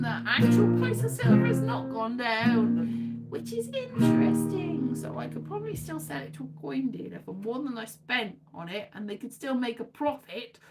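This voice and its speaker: A woman hosting a loose live chat, rambling and poking fun at herself. Her voice sits a little high, and she drifts into half-sung lines. Faint guitar plays behind her. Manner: rambling, self-mocking, breaks into sung lines. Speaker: livestream host. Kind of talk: casual chat to a live audience.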